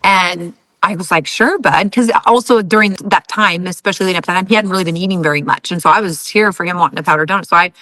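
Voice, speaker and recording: Middle-aged woman, bright clear voice, gentle and soft-spoken, dry mic. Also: lowish voice, rapid-fire, hardly any pauses, no echo, low-quality recording. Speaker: guest. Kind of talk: reflective conversation.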